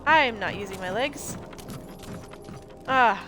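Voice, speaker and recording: A woman's voice: fairly high pitch, moderate pace, music in the background. A woman in her twenties giving chatty, joking commentary over gameplay, often exclaiming. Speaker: gameplay streamer. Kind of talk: casual let's play commentary.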